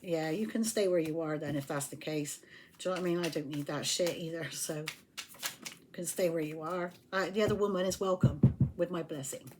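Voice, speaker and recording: A woman's voice: deep voice, brisk, background noise. A woman giving a casual tarot reading, blunt and emphatic, swearing when riled. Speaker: tarot reader.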